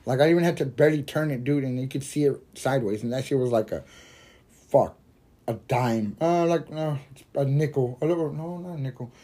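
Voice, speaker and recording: Rambling, swearing stoner man, mellow voice. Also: mid-range voice, fairly quick. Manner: rambling, heavy swearing, laughs at own jokes. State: high while smoking. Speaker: podcast host. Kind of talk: casual storytelling monologue.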